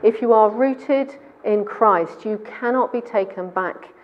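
A woman's voice: on the high side, slow pace, slight background noise. Woman preaching, dull lo-fi sound. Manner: conversational, quizzing the congregation. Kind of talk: sermon. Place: church.

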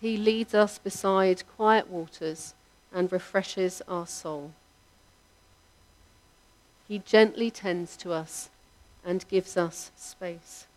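A woman preaching a sermon, in a measured, reflective delivery whose line ends trail off softly. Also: on the low side, steady tone.

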